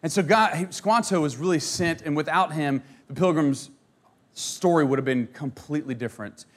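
A man tells a historical story in a loose, conversational way, full of fillers and quick asides. His voice sits a little high. He sounds animated and throws in a joke now and then.

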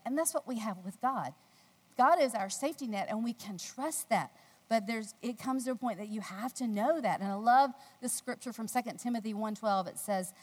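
A woman from the United States giving a devotional talk, telling a personal story with animated delivery and acting out the voices in the story. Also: moderate pace, husky. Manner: animated storytelling, acting out quotes in a squealing high voice. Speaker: speaker at a faith gathering. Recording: long hall reverb.

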